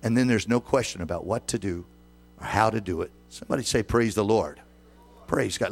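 A man's voice: fairly low pitch, animated, brisk, creaky, faint music behind, a faint crowd. A man in his sixties preaching a sermon as pastor, often putting questions to the congregation. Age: 60s.

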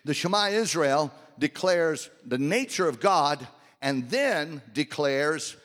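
A man preaching a sermon, swinging between loud, raised passages and hushed, quiet ones. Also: fairly high pitch, expressive, slow pace. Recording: long hall reverb.

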